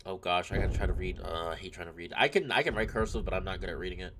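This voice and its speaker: A man's voice: low-pitched, very fast, noisy background. A man chatting casually as he streams a visual novel, rambling and self-deprecating over game music. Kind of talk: casual gaming commentary.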